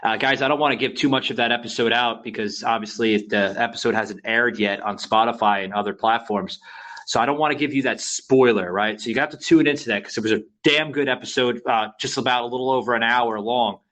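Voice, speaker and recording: A man's voice: mid-range voice, fairly even intonation, brisk, fairly bright tone, poor audio. A man from Florida co-hosting a political podcast, talking frankly in a loose conversational way with lots of fillers. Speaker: podcast co-host. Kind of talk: casual political podcast chat.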